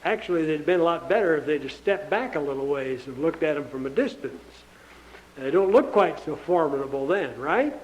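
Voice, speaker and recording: A man's voice: on the high side, expressive, normal speed, darkish tone, a little hiss or hum, poor audio. A male pastor preaching a sermon in a plain, earnest, conversational way, often asking the listeners rhetorical questions.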